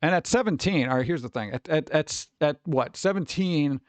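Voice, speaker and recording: A man's voice: fairly high pitch, expressive, a little fast, dry recording. A man streamer chatting casually and rambling with his live chat, swearing freely and talking straight to his viewers.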